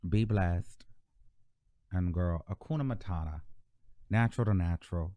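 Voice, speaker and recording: A man's voice: low voice, normal speed, pauses often, mellow, no echo. A man hosting a live gossip stream with sassy, blunt commentary. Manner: sassy, mock-preaching, blunt. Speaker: host of a live gossip show.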